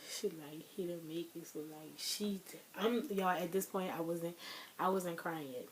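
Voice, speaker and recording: A woman's voice: on the low side, fairly even intonation, unhurried, a little hiss or hum. Young woman rambling through a storytime. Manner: loose rambling retelling, heavy on fillers and addressing viewers. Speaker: vlogger. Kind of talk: casual storytime vlog.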